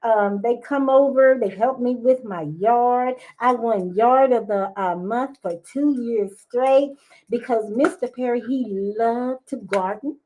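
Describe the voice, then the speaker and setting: A middle-aged woman, a podcast guest, telling lively personal stories in casual interview chat. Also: a little high, slow. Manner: lively storytelling, expressive. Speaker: guest, business owner.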